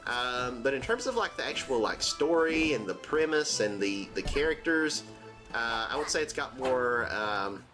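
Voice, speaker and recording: A man hosting a let's-play, talking in a rambling, jokey way with many fillers and sudden squeaky exclamations. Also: expressive, normal speed. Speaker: gaming channel host. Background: game music.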